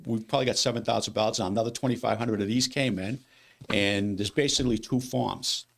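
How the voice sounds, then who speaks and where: A man who runs a city's elections, explaining voting rules in a casual studio interview, talking quickly and with animation, repeating himself when exasperated. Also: lowish voice, steady tone, creaky, fairly bright tone. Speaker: city elections director. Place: local TV studio.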